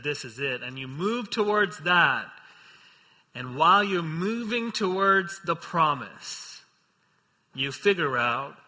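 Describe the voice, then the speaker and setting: A male pastor delivers a sermon in a slow, deliberate way, reading scripture and then driving his points home. His voice is strikingly bright and slightly high. The sound rings with the long reverb of a large hall. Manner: reads scripture then preaches with rising intensity, acts out quotes.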